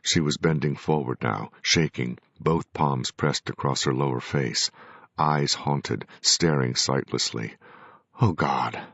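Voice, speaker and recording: A man narrating a first-person audiobook with measured, grave storytelling. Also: rumbling low, fairly bright tone, dry recording. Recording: dry, dull lo-fi recording.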